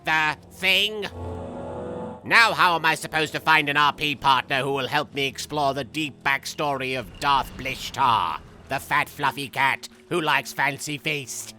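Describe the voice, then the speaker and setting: A man voicing a goofy, unhinged young male villain as he comments on a game, rambling through silly jokes with sudden shrill outbursts. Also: unhurried, pushed and bright, soft background music. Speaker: gameplay commentator. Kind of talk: comedic let's-play commentary.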